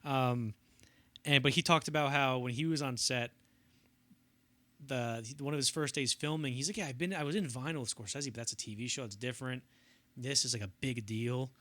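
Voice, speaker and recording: A man's voice: mid-range voice, moderate pace, fairly bright tone, no echo. A young man co-hosting a casual film podcast, rambling through anecdotes and acting out quotes in bursts. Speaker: podcast co-host.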